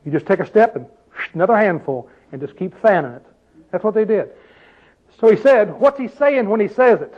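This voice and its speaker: An older male preacher with a high voice delivers a sermon in a loose, conversational way and keeps asking his listeners questions. The recording is dull and lo-fi. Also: lively intonation, fairly quick.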